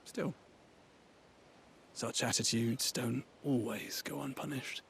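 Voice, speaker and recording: An actor playing a weary, cynical man who buries the dead, speaking in a calm, dry, sardonic way. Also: mid-range voice, slow, gravelly, slight background noise. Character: weary cynical male gravedigger in service.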